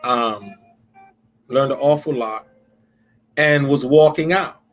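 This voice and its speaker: A man, pastor and host of a call-in show, telling a story in a conversational sermon style and slowing down to stress his points. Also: medium pitch.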